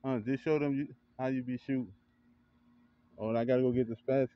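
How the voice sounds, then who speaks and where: Man vlogger, casual backyard hype commentary, cheers loudly and laughs a lot, mid-pitched, slightly muffled lo-fi phone sound. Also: steady tone, fast talker, dry recording. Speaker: vlogger and kennel owner. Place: outdoor backyard by a grill.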